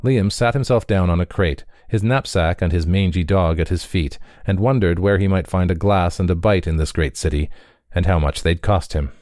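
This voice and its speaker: Brief: measured male narrator, low voice, dry studio read. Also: a little mellow, no echo. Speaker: reader. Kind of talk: audiobook narration.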